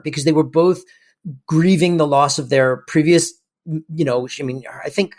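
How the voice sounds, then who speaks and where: A podcast co-host chatting casually, rambling and correcting themself as they get excited. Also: medium pitch. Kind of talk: casual chat.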